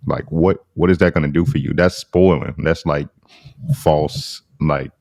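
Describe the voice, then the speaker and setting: A man's voice: extremely low pitch, fairly even intonation, unhurried, gravelly, darkish tone, dry recording. A man co-hosting a casual podcast discussion, talking in an agreeable, slangy way.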